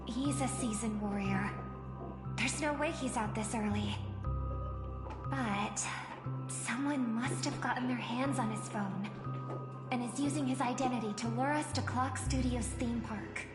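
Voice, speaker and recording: Actress as earnest young game heroine, high bright voice, echoey reverb, loud music under. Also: female voice, unhurried, lightly acted.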